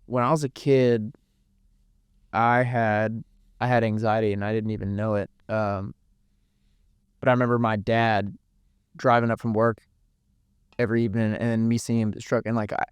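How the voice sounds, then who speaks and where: A man's voice: on the low side, little pitch movement, moderate pace, pauses often, clear, resonant tone, no room sound. A young man giving an earnest, emotional podcast interview, swearing freely and repeating words as he talks. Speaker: podcast guest. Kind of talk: candid emotional interview talk.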